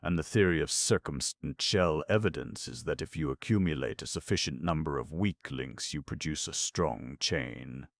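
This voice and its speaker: A foppish, idle gentleman sleuth, as a man reads him aloud drawls his words without emotion and with an airy, mocking ease. The voice sits very low, with a gravelly edge, in a dry, close recording. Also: moderate pace, hardly any pauses, dry recording. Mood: drawling, amused. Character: languid, foppish gentleman detective, adult man. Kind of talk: audiobook character reading.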